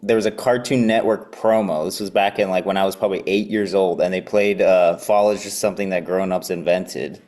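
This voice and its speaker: A podcast co-host with a lower voice, talking in a relaxed, easygoing way as he remembers things. He chats among friends. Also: brisk, few pauses. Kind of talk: casual chat.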